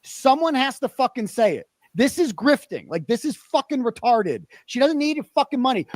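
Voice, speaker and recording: A man's voice: very animated, normal speed, few pauses, dry recording. A man in a played clip, ranting angrily and profanely about money, fired up and worked up. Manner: fired-up, profane, swinging pitch. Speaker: commentator in a played livestream clip. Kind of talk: angry rant.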